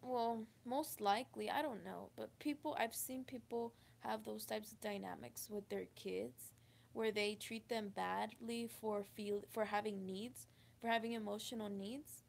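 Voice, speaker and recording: Woman with vocal fry, halting confessional storytelling. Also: mid-range voice, fairly even intonation. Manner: halting, emotional, with many restarts. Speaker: vlogger.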